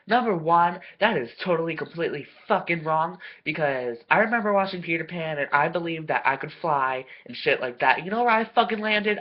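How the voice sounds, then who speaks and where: A vlogger delivering a foul-mouthed, sarcastic rant straight to camera, swearing nonstop and jumping into loud, indignant outbursts. The voice sits in a middle pitch. The recording is dull and lo-fi, with the top end muffled. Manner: swears constantly, sarcastic, loud bursts of outrage. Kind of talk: profane comedic rant to camera.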